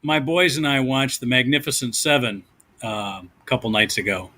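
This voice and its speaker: A man's voice: medium pitch, steady tone, moderate pace, crowd noise. A man comedian in casual chat, recalling films and asking playful rhetorical questions. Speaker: comedian and podcast co-host.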